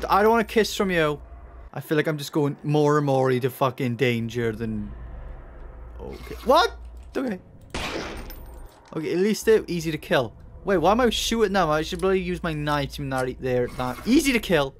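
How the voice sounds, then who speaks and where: Animated gamer shrieking through horror play. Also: mid-range voice, a little slow, pauses often, music in the background. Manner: shrieks and swears in panic, then mutters while thinking. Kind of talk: horror game commentary.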